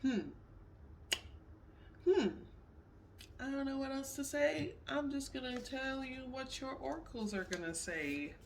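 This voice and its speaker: Slow tarot reader, emphatic and repetitive, a little off-mic, faint background noise. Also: high-pitched, recorded from a distance. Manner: repetitive, emphatic, says "period" often. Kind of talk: casual pick-a-card tarot reading.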